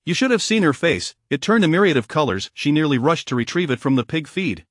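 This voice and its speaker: A clever young married woman calmly reassures her family, as a man reading the story puts her on. Her steady voice is slightly high, with a dry, close storybook sound. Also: brisk, no echo. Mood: reassuring.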